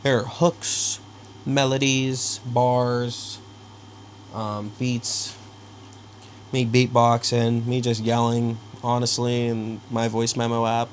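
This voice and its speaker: A young man vlogging casually from his bedroom, rambling and halting with many fillers. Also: medium pitch, flat delivery, a little hiss or hum. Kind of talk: casual self-interview. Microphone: small handheld camera.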